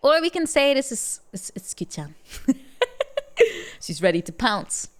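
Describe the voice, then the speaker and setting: A woman's voice: a little high, big pitch swings, measured pace. A woman streaming a strategy game, chatting playfully and reacting animatedly, often repeating words as she stammers and laughing between remarks. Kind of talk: casual live game-stream chat.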